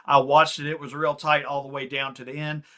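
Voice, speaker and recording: Bright-voiced middle-aged co-host. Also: male voice, fairly high pitch, flat delivery, fairly quick. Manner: nostalgic, easygoing, laughs along. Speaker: podcast co-host. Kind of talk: casual chat.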